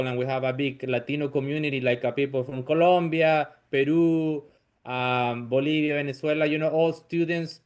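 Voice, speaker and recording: A man from Chile with a Chilean Spanish accent, a stand-up comedian chatting casually in an interview, laughing often and filling pauses with "you know.". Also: medium pitch.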